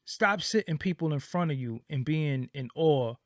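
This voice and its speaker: Animated and speaking at normal speed, a man with a somewhat high voice comments casually as an interviewer. He stresses his points emphatically, repeats them for weight and acts out the reactions he quotes, all in a dry, close recording without room sound.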